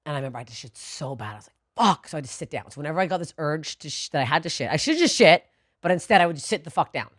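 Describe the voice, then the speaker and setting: A woman co-hosting a podcast, telling a story in a profane, animated way that swings from low muttering to loud bursts. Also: racing, dry recording, studio quality. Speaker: podcast co-host. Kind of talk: storytelling in casual podcast chat.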